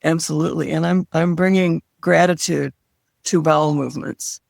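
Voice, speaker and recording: A woman's voice: low voice, fairly even intonation, normal speed, gravelly, a little mellow, no echo, clean studio sound. An older woman, a former hospice chaplain, speaking as a podcast guest in a reflective, earnest way. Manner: reflective and earnest, sharing wisdom. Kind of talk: interview conversation.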